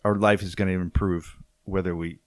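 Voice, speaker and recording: A man's voice: low voice, level tone, moderate pace, dry recording. A man with a Boston accent hosting a casual podcast, talking reflectively and summing up ideas with easy laughs. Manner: reflective, wraps up with summaries, laughs easily. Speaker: podcast host.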